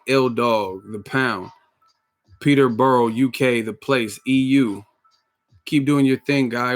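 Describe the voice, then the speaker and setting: A man hosting a boxing live stream, hyped and slangy, rattling off quick shout-outs in casual chat. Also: mid-range voice. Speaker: boxing channel host.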